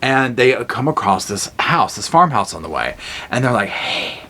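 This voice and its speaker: A man giving a casual, animated horror movie review, retelling scenes with blunt, jokey asides. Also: medium pitch, normal speed. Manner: animated storytelling with acted-out quotes.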